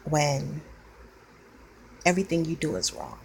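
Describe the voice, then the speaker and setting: Weary woman venting, low gravelly voice. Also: huge pitch swings, measured pace, slight background noise, rough recording. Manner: blunt and plainspoken, weary. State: near tears. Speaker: vlogger. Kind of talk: venting monologue to camera.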